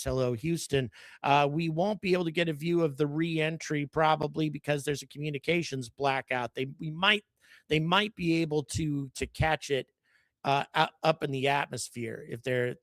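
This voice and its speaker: A man's voice: medium pitch, dry recording. A man hosting a live stream, chatting casually and greeting viewers by where they watch from. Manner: chatty, greets viewers by location in quick lists. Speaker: livestream host.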